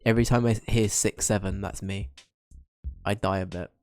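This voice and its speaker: Low-voiced young man streaming a game. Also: fairly even intonation, moderate pace, darkish tone, soft background music. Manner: rambling, self-mocking, trailing restarts. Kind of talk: casual chat while playing and reading chat.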